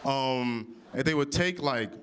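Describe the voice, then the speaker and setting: A young man from Oklahoma performing improvised stand-up comedy, loud and brash, cursing and teasing the crowd. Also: medium pitch, takes it slowly, a little hiss or hum. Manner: loud, brash, playful crowd work with swearing. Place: winery comedy stage before a live audience.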